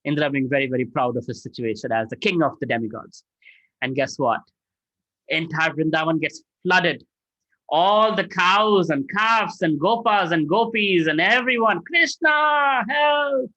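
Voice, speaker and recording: A man telling scripture stories as a spiritual teacher, animated and dramatizing, often checking in with "right?". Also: on the high side, moderate pace, dry recording, dull audio.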